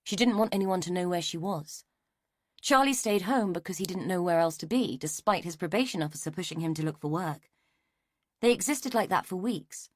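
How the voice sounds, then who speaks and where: Narrating a mystery audiobook from a script, a woman speaks in an even, measured storyteller's tone. Her voice is fairly low, captured in clean studio sound without echo.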